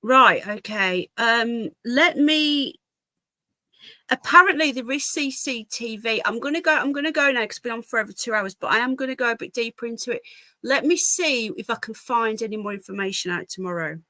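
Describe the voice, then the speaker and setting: A woman's voice: fairly high pitch, normal speed, bright, forceful tone, no echo. A woman hosting a casual live stream from home, chatting to viewers and her dogs. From England. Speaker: livestream host. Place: home, indoors.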